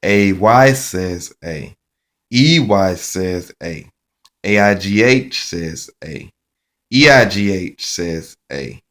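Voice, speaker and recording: Male phonics teacher, slightly low voice, unhurried sing-song drilling of letter sounds. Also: expressive, a bit bright. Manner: chanting sound cards in a sing-song rhythm; slow, deliberate, repetitive.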